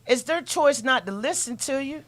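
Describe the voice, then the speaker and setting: A man's voice: very high voice, expressive, normal speed, fairly bright tone. A man, joking in casual chat with emphatic slang.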